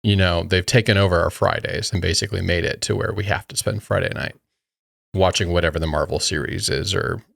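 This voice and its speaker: A man in his thirties co-hosting a podcast, relaxed and quick to laugh, in casual chat. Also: sits low, vocal fry, no room sound, clean studio sound. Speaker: podcast co-host.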